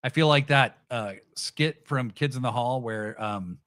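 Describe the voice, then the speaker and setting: Man, middle-aged, sarcastic rambling podcast host, bright tone, dry close mic. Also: mid-range voice, measured pace, no room sound. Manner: sarcastic, rambling, many fillers and restarts. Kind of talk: casual livestream chat, reading chat comments.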